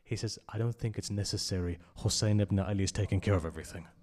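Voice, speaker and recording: A man giving an impassioned sermon at a memorial gathering, telling a story and swinging between loud emphasis and hushed asides. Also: lowish voice, fast. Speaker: speaker at a memorial majlis.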